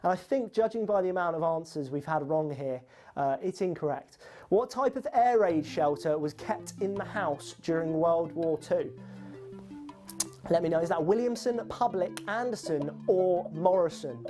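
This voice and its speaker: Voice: mid-range voice, animated, normal speed, mellow, soft background music. A quiz host running a live online quiz, reading out questions and scores in a chatty, teasing, upbeat way.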